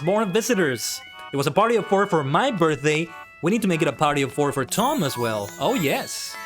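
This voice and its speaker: A man's voice: a little high, very animated, a little fast, few pauses, soft background music. A man streaming a game, chatting casually, playful and punning and laughing often. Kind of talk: casual gaming commentary.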